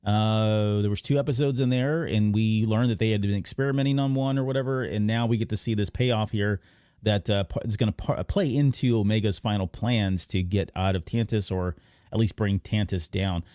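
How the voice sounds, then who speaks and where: A man hosting a podcast, casually recapping an animated episode in a rambling way. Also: lowish voice, moderate pace, clear, resonant tone, no echo, studio quality. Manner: rambling recap with many fillers and restarts. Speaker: podcast host. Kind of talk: casual episode breakdown chat.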